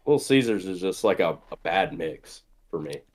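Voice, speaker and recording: A man with a Southern US accent chats easily on a gaming show. His voice sits on the low side. He is laid-back but sure of his opinions, and he stretches his phrases out. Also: expressive, moderate pace. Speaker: podcast co-host. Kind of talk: casual chat.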